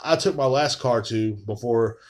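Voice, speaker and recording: A man's voice: mid-range voice, moderate pace. Rambling, profane man. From Texas. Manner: profane, rambling, lots of fillers. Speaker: podcast host. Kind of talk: casual ranting monologue.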